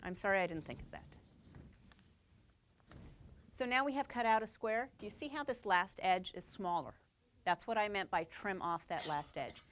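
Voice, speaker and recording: A woman's voice: mid-range voice, lively intonation, moderate pace, pauses often, fairly bright tone, a little hiss or hum. A woman teaching a quilting class, explaining each step and checking that the students follow. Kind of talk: live classroom demonstration.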